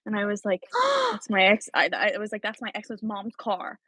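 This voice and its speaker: A chatty young woman in her twenties tells a story on a friend's stream, slipping into little acted-out quotes. Her voice sits at a middling pitch, and the sound is close and dry. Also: steady tone, brisk, fairly bright tone, no room sound. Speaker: friend and guest. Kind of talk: casual storytelling.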